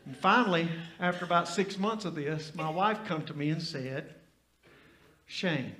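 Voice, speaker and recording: A pastor from Tennessee, telling stories and building up to loud, fiery preaching in a church. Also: male voice, a little high, normal speed, echoey room, slight background noise. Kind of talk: sermon.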